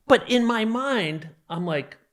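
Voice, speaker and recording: A middle-aged New Jersey man, appearing as a podcast guest, tells a personal story with intense emphasis, vividly recounting a violent memory. His voice is high and a bit bright, with lively intonation and a slow pace.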